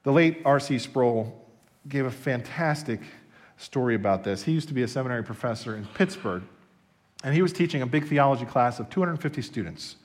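Animated preacher man with lively voice. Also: mid-range voice, brisk. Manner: animated, storytelling, emphatic. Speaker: pastor. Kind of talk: sermon.

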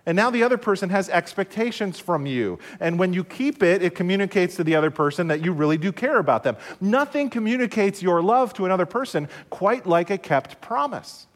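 A man preaching a broadcast sermon in a measured way, repeating key phrases and asking rhetorical questions. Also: high voice, lively intonation, in a large hall. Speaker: pastor.

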